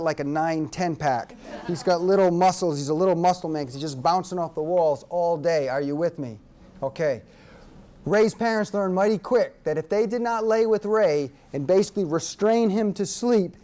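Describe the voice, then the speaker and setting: A high-pitched man presents a workshop lecture to an audience. An animated storyteller, he repeats key points for emphasis.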